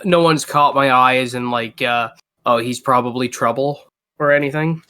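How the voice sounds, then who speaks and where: A man's voice: mid-range voice, fairly even intonation, normal speed, pushed and bright, clean tone. A man playing a tabletop game, speaking bluntly and plainly about plans. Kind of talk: casual gaming banter.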